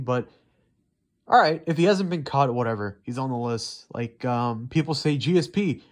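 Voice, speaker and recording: A man's voice: mid-range voice, moderate pace. A young man ranting heatedly and profanely in unscripted commentary, rambling with many fillers. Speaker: MMA commentary YouTuber.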